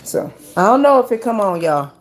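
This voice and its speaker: A woman hosting a casual live stream, chatting with her viewers as "y'all" and reading numbers out slowly. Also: mid-range voice, very animated, faint music behind.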